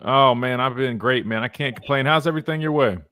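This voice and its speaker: A man's voice: medium pitch, a little fast, bright, forceful tone, a little hiss or hum. A man in his thirties hosting a sports talk radio show, rambling casually and tossing in "man" a lot. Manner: laid-back, rambling, lots of "man". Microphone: studio mic.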